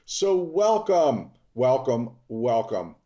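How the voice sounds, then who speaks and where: A man from Baltimore hosting a podcast, delivering an upbeat scripted monologue that stresses key words with sudden rises in pitch. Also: very animated, slow pace, mellow. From Baltimore, Maryland. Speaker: podcast host, dentist.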